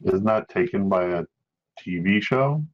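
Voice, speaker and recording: A man's voice: low-pitched, unhurried. A man narrating a tabletop game as game master, with a dry, joking manner. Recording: dull lo-fi sound.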